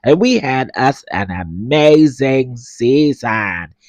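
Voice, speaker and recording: A man's voice: mid-range voice, animated, a little mellow, dry recording. A man mimicking a drawling, pompous show host. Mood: grand, drawling. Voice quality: slow drawn-out emphatic delivery.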